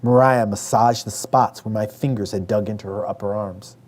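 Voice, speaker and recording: A man from Western New York reading aloud from his own memoir in a measured way, raising his voice for the family members he quotes. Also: on the low side, fairly even intonation, darkish tone.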